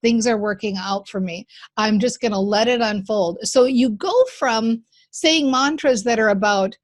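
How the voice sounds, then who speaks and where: A woman's voice: a little high, a little slow. A woman hosting a podcast, coaching her guest with enthusiasm and encouragement, often repeating key phrases. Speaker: podcast host and mindset coach. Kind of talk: coaching conversation.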